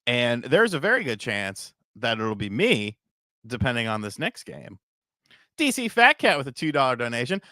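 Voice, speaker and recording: Man, casual stream host, rambling, animated pitch, dry close sound. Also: moderate pace, no room sound. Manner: rambling, swears casually, laughs at own bits. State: tired from little sleep. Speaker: podcast host. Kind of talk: casual livestream chat.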